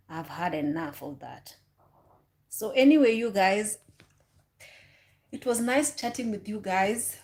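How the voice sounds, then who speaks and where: A woman vlogger and former flight attendant, chatting casually on a livestream and telling animated stories in which she mimics passengers. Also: mid-range voice, measured pace.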